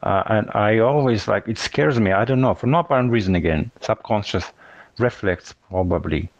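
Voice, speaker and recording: A man's voice: fairly low pitch, moderate pace, vocal fry, dry recording. Inquisitive man, dull dry sound. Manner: curious, asks many questions, careful phrasing. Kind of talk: casual chat.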